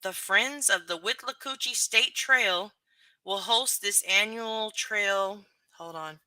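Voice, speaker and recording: Very bright-voiced giggly woman streamer. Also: mid-range voice, slow pace, no room sound. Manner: giggly, laughs often between remarks. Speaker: livestreamer. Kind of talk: casual livestream chat, reading comments.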